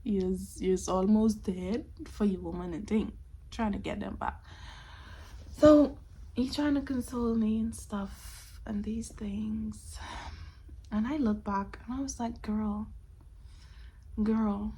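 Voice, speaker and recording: A woman in her twenties casually telling a personal story on her vlog, expressive and often dropping to a whisper. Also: medium pitch, slow, pauses often, slight background noise. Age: 20s. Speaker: storytime vlogger.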